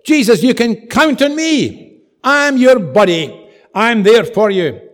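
Man doing an impetuous disciple, loud, eager, boastful, slightly high. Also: expressive, measured pace, big-room sound, full character voice.

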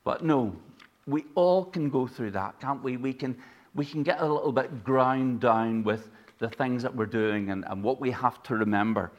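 A man's voice: medium pitch, normal speed, lo-fi sound. A man from Ireland with an Irish accent, preaching a sermon in a conversational way, telling stories and asking the congregation rhetorical questions.

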